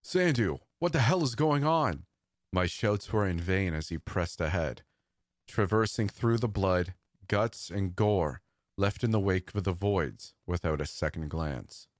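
A man with a very low voice reads a first-person horror story in a steady, measured way. The sound is dry and close to the mic, without any room echo. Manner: steady, measured, tense reading. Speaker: story narrator.

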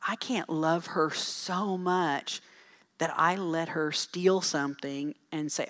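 A middle-aged woman speaking to a church audience, telling folksy, animated stories with asides about parenting. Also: sits low, slow pace. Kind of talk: storytelling talk to an audience.

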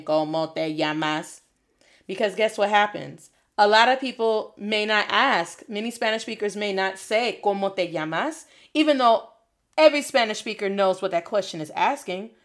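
Animated woman teaching Spanish phrases. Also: mid-range voice. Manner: animated, switches between English and Spanish, repeats phrases for drill. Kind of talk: energetic video lesson. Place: Detroit.

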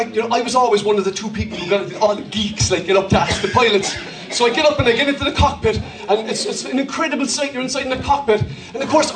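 Man, Irish accent, pastor, sermon, high voice, animated and jokey, distant mic, echoey hall. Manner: animated, jokey, laughing through his stories. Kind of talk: sermon with humorous storytelling. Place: large church hall.

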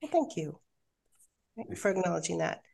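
A middle-aged woman, a podcast guest, telling a painful personal story with halting restarts, then reading her own poem. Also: on the low side, big pitch swings, creaky, darkish tone. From Australia. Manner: candid, emotional, halting with restarts. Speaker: guest, hypnotherapist and coach.

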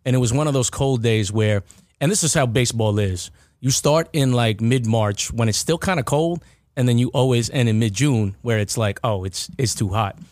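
A man's voice: medium pitch, normal speed, darkish tone, no room sound, studio quality. A man hosting a casual podcast chat, rambling with restarts and repeated words. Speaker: podcast host.

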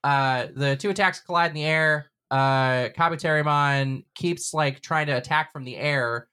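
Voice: medium pitch, moderate pace, pushed and bright, clean tone. A podcast host recapping a cartoon episode in casual chat, laughing often and swearing freely. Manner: laughs often, loose and profane.

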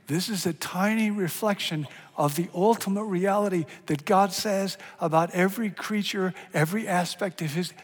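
A middle-aged man preaching a sermon as a pastor, animated and swinging from hushed to loud and emphatic. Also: sits high, normal speed, hardly any pauses. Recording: long hall reverb.

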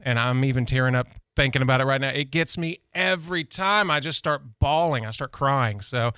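A man hosts a local radio talk show, rambling warmly through personal stories in a loose, chatty way. His voice sits at an ordinary middle pitch. He is recorded close and dry on a studio microphone. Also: normal speed, few pauses, clear, resonant tone, no room sound. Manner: chatty, rambling, self-deprecating. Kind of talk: casual radio chat.

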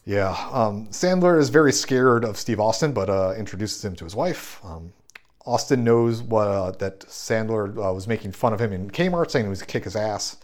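A man's voice: fairly low pitch, expressive, normal speed. A man casually recapping a movie plot on a podcast, rambling with lots of fillers. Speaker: podcast co-host.

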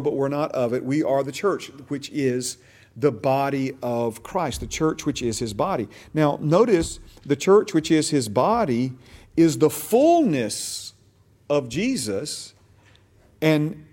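A man leads a Bible class in a relaxed, conversational teaching style. His voice sits a little on the high side. He repeats key phrases for emphasis and keeps checking that his listeners are following him.

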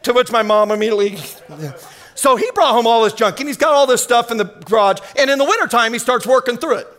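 High-voiced energetic preacher man. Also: fast talker. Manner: energetic, storytelling, exclaiming. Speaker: pastor. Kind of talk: sermon.

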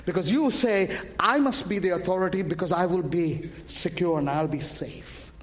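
A man preaches fervently in a high-pitched voice at normal speed. He calls out questions and waits for the congregation to answer, sounding impassioned throughout.

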